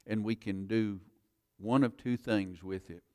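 A man's voice: lowish voice, fairly even intonation, a little slow, mellow, clean tone. A man preaching, telling his own conversion story in an earnest, plain-spoken way. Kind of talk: sermon testimony.

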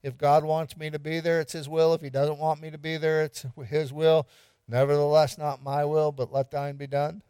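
A man's voice: on the high side, little pitch movement, moderate pace, warm tone, clean tone, no echo, studio quality. A man pastor giving an interactive evening sermon, quizzing the congregation and repeating lines for emphasis with light humor.

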